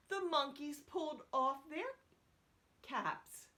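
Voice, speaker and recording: A woman's voice: mid-range voice, animated, slow. A woman reading a picture book aloud to children. She asks her listeners questions and drops into whispered asides.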